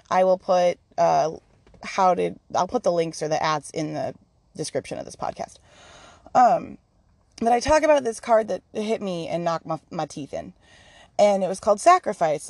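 Woman podcast host, candid chatty monologue, fry in the voice, dry room. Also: fairly low pitch, a little mellow, no echo. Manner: candid, swears freely, many fillers and restarts. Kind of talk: casual rambling monologue.

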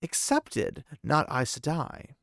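A man reading aloud the lines of a stern, usually controlled male warrior guardian, with loud, exasperated bursts. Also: a little high, huge pitch swings, slow, creaky, no echo, studio quality, voice pushed up, full character voice.

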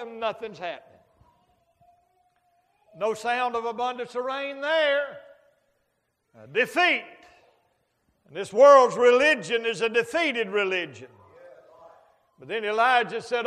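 A man's voice: very high-pitched, normal speed, a bit bright. A man preaching a folksy sermon, telling stories with sound effects and humor as a traveling preacher. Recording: long hall reverb.

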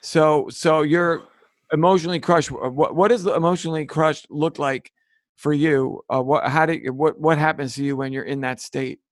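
A man's voice: on the high side, steady tone, normal speed, dry recording, clean studio sound. A man interviewing a guest, asking probing follow-up questions.

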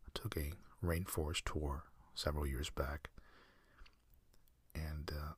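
A man hosting a sleep podcast, talking in a soft, slow, meandering half-whisper with dry self-mocking humor. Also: very deep voice, level tone, breathy edge, no room sound. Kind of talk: rambling whispered bedtime monologue.

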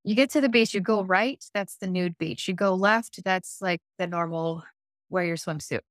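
A woman, an intuitive life coach, telling a story in a casual podcast interview, animated and acting out her own inner voices, laughing often. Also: fairly low pitch, moderate pace, dry recording, studio quality.

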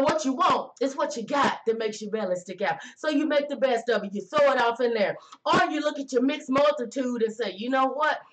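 A woman preaching a lively, folksy sermon, calling out to listeners and slowing down to stress key words. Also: high-pitched, slight background noise, poor audio. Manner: folksy, call-and-response, drawn-out emphasis.

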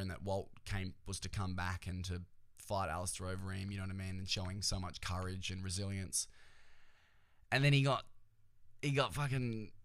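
A man's voice: sits low, a bit bright, no echo, studio quality. A man hosting a podcast, chatting casually about sports in a joking, profane, rambling way. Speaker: podcast host.

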